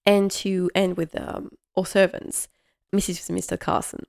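Woman host gushing about a tv episode, kinda low voice with lots of fry. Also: level tone, a little slow, darkish tone. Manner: enthusiastic and rambling, many fillers. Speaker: podcast host. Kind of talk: casual episode recap.

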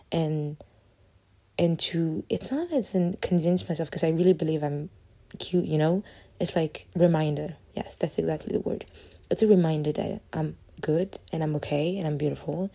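Woman, podcast host, husky and mellow tone, casual and rambling, reflective. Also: low voice, steady tone, measured pace. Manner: rambling, filler-heavy, self-correcting; candid and reflective. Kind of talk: casual solo podcast talk.

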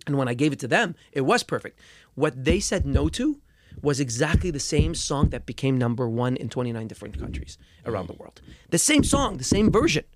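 A young man talking as a musician guest in a casual interview, telling his story with lots of swearing and repeated words, and getting loud when angry. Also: medium pitch, big pitch swings, a little fast, slight background noise.

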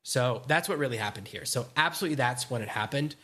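A man's voice: medium pitch, animated, fast, sharp tone. A middle-aged man co-hosting a dating podcast, lecturing with firm opinions in casual chat. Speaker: podcast co-host.

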